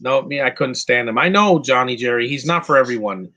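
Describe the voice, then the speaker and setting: A man's voice: mid-range voice, a little fast, bright, forceful tone, lo-fi sound. A man giving casual live commentary on a movie, answering chat questions bluntly with frequent restarts and fillers. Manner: opinionated, blunt, insulting.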